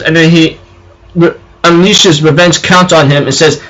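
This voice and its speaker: A young man retelling a story in a loose, rambling way. His voice sits slightly high, and he fills gaps with fillers and restarts. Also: fairly even intonation, moderate pace, a bit bright, rough recording. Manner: rambling, with fillers and self-corrections. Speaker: anime recap vlogger. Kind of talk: casual episode recap.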